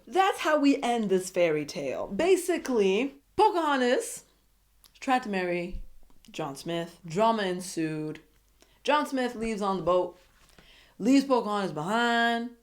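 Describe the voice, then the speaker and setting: Sassy young woman recapping a reality show, opinionated, chatty asides. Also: medium pitch. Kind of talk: casual recap commentary.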